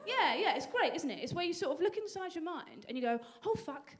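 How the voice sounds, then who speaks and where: A young woman from England performing a stand-up comedy set with a dry, self-deprecating delivery and sudden high bursts. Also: big pitch swings, fast. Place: comedy venue stage. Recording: live audience laughter.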